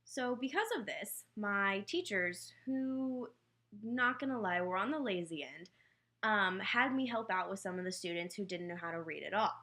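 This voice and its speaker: A young woman telling a personal childhood story in a casual, candid way, with quick self-mocking asides. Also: mid-range voice, expressive, sharp tone. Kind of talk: personal anecdote told casually.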